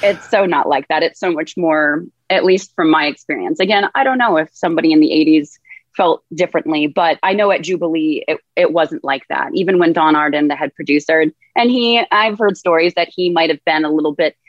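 A woman's voice: sits low, a little fast, no echo. A woman, a former showgirl dancer, chatting candidly and easily in an interview. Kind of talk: casual interview chat. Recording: dull, dry lo-fi line.

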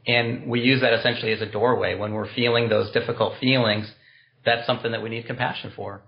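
A man's voice: medium pitch, fairly even intonation, fast talker, vocal fry, highs cut off. A man being interviewed on a podcast, explaining a compassion practice in an earnest, explanatory way with spiritual wording. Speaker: guest, compassion practice teacher.

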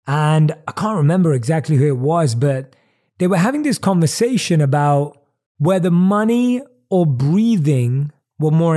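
Mellow-voiced man giving a reflective talk. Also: fairly high pitch. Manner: calm, repeats phrases for emphasis, asks the listener questions. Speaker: podcast host.

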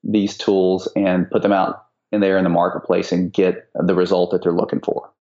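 A man's voice: deep voice, flat delivery, moderate pace, warm tone, lo-fi sound. A man coaching real estate students, telling stories in a rambling way with many restarts, on a call recording. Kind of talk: casual podcast chat.

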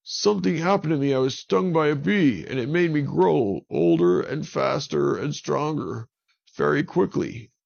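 A man's voice: medium pitch, expressive, measured pace, pauses often, darkish tone, pitched above the performer's own voice. A man voicing a little boy who has suddenly grown into a big man, talking earnestly and pleading to be believed. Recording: dull lo-fi recording.

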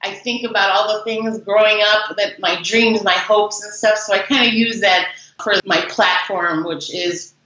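A woman's voice: mid-range voice, moderate pace. A woman in her forties from the Chicago suburbs, chatting as an interview guest and telling stories with lots of fillers. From Chicago suburbs, USA. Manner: chatty, animated storyteller with fillers. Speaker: guest, business founder. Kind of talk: casual interview storytelling. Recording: very echoey, dull lo-fi remote audio.

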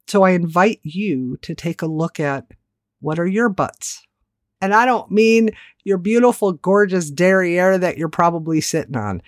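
A woman's voice: on the low side, unhurried, no room sound, studio quality. A woman giving a candid, reflective solo talk as a self-help host, with casual swearing. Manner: candid, animated, casually profane.

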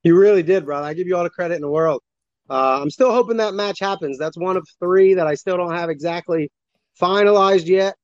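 A man, a wrestler, chatting as a guest, a little out of breath. His voice sits a bit high and sounds dry and close, with a dull, lo-fi tone. He tells stories loosely and rambles. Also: brisk, no echo. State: slightly out of breath. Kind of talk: casual chat on a stream.

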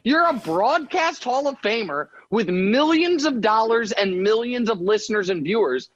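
A young man bantering on a radio call, animated and mock-indignant, with quick comic rants. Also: high voice, muffled recording. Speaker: guest commentator.

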